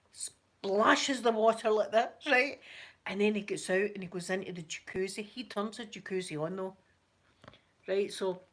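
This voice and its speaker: A Scottish woman telling a story in casual chat, chatty and animated. She breaks into laughter often and drops into soft asides. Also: mid-range voice. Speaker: ASMR channel host.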